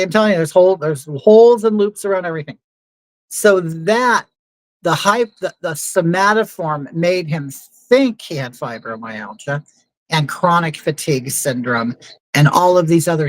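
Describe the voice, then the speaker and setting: Woman, somewhat low voice, chatty, opinionated, dry close mic, livestream monologue. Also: no echo, poor audio. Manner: chatty, opinionated storytelling with many asides. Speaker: livestream host.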